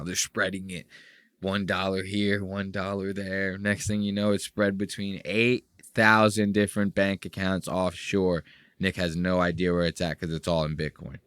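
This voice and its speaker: Bright, crisp male host, dry close sound, crude jokey banter. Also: deep voice, dry recording. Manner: profane, joking, animated. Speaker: podcast host. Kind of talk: casual podcast banter.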